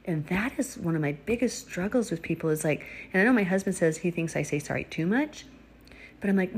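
A middle-aged woman giving informal religious teaching, earnest and exhorting, sometimes dropping to a breathy whisper for emphasis. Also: lowish voice, lively intonation, a little fast. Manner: earnest, exhorting, with laughs and asides. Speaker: preacher.

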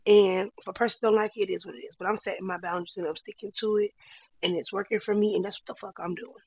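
A woman's voice: mid-range voice, fairly even intonation, quick pace, darkish tone, breathy edge, no room sound, lo-fi sound. A woman talking candidly to her viewers in a casual vlog, encouraging and full of slang. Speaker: vlogger. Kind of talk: casual heartfelt talk to camera.

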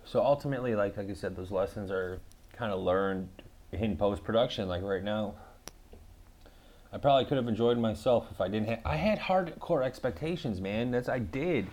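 A man's voice: fairly low pitch, normal speed, a little mellow. A man casually telling a story to camera, rambling with lots of fillers and swearing.

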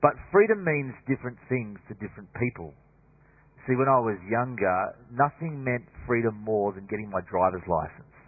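A man preaching a sermon in a chatty, humorous way with asides. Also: fairly low pitch. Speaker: pastor. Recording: dry, tinny phone-like sound.

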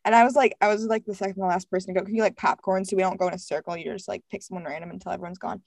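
A young woman, a podcast co-host and daughter, chatting casually and telling quick stories. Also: mid-range voice, creaky, dry recording. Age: young adult. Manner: quick, lively, laughing storyteller. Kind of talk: casual family chat.

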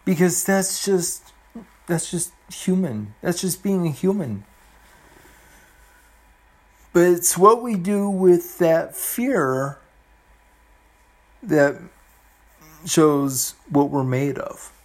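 A man in his forties talking earnestly and gently to the camera, halting often and restarting his sentences, with soft emotional laughs. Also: sits high, animated. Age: 40s. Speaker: vlogger. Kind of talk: heartfelt personal talk to camera.

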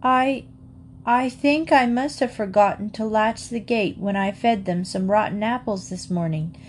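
A woman doing a high-voiced earnest little girl. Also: a little slow, slight background noise, lightly acted. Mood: hesitant. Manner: high, pleading and reproachful. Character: young girl, earnest and easily upset.

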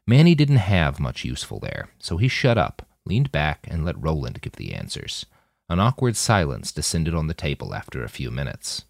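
Male audiobook narrator, deep low voice, very lively pitch, dry close sound. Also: normal speed, gravelly, no echo. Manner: deep, even storytelling with wide pitch swings.

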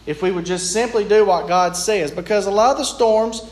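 A man's voice: high voice, normal speed. A man preaching a sermon in an earnest, plain-spoken, folksy way. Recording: echoey room.

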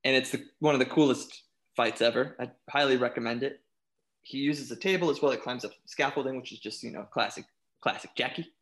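A man chatting casually on a podcast, animated, often restarting his sentences and laughing. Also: medium pitch, a little fast. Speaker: panelist.

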